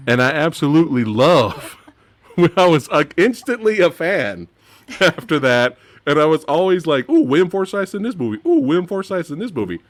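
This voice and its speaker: A man hosting a casual movie-review chat, animated and laughing often, his voice dropping low at the end of phrases. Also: no echo. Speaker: podcast host.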